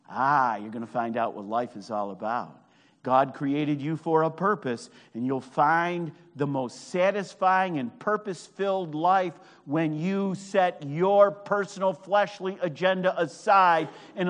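A man preaching a fervent sermon at a camp, swinging from hushed words to shouted, drawn-out emphasis. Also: a little high. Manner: draws out key phrases slowly. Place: meeting hall at a camp. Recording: long hall reverb.

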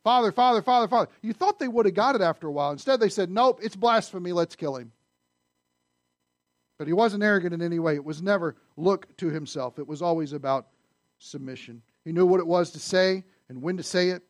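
A man preaching a sermon in a conversational way, asking the listeners questions and swinging between loud emphasis and hushed asides. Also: on the high side, quick pace, no echo, studio quality. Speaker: pastor.

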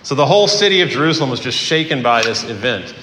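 A man preaching a sermon as pastor in a conversational way, with fillers and pauses. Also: medium pitch, animated, sharp tone, a little hiss or hum. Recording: echoey hall.

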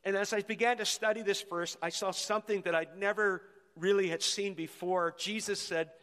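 A middle-aged man preaching a sermon as pastor, energetic and leading the congregation in call-and-response. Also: sits high, moderate pace. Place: church sanctuary. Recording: long hall reverb in a church.

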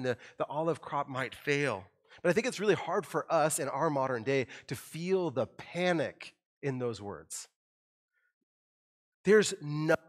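A middle-aged man preaching a sermon in a church, conversational and animated, acting out the quoted lines with rising emphasis. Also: fairly high pitch. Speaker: pastor.

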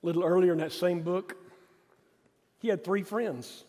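A male pastor with a high voice preaches a sermon, repeating phrases and pressing hard on key points before dropping quiet. His voice rings out with a long reverb, as in a large hall. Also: fairly even intonation, moderate pace. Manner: emphatic and repetitive, rising to stress points, then dropping quiet.

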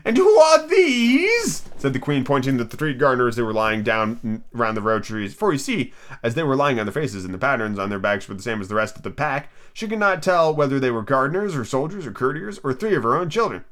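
A man's voice: medium pitch, expressive, fast, hardly any pauses, a bit bright. A man casually reading a children's classic aloud on his podcast, stumbling over words and restarting lines. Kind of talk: casual storybook read-aloud.

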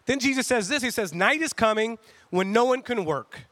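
A man with a high, bright voice preaches in a relaxed, chatty way, slipping into little acted-out voices for the people in his story. The sound is dry and close. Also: normal speed, no room sound. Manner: conversational and animated, acting out quotes. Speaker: pastor. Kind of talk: casual sermon.

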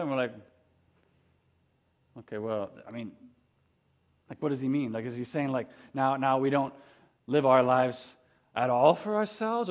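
A man preaching a sermon as pastor, in a conversational way, often asking his listeners questions. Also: fairly high pitch. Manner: conversational, asks rhetorical questions.

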